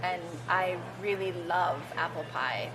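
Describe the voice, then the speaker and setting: A woman's voice: fairly low pitch, measured pace, poor audio. A woman hosting a food show, chatting casually and laughing easily in a diner. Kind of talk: casual chat. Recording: background music in a diner.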